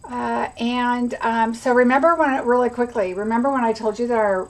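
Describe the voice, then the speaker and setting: A woman's voice: on the high side, normal speed, poor audio. A middle-aged woman hosting a casual craft livestream, rambling chattily and greeting viewers by name. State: has the hiccups.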